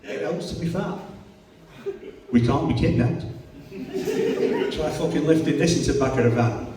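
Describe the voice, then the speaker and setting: Middle-aged Yorkshire stand-up, crude and self-mocking, live club sound from a distance. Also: male voice, fairly high pitch, normal speed, noisy background. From Yorkshire, England. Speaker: stand-up comedian. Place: comedy club stage. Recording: echoey club from far off.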